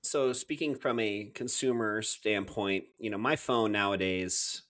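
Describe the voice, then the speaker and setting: Low-voiced podcast host with rambling questions. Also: male voice, measured pace, fairly bright tone. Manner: rambling questions with many fillers. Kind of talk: casual interview questions.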